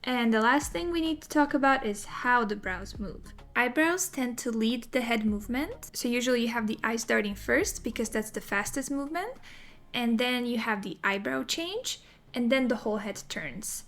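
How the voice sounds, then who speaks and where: Lady explaining animation step by step, kinda high voice, calm tutorial vibe. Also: normal speed. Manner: clear, methodical, explanatory. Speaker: animation instructor. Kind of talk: recorded tutorial lecture.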